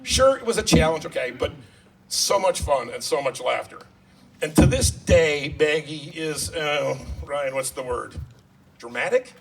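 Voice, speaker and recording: A man's voice: fairly high pitch, lively intonation, measured pace, vocal fry. A man giving a wedding toast as father of the bride, joking about himself and getting emotional. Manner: self-deprecating, joking, emotional. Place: wedding reception hall. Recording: distant mic, loud crowd noise. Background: crowd and laughter.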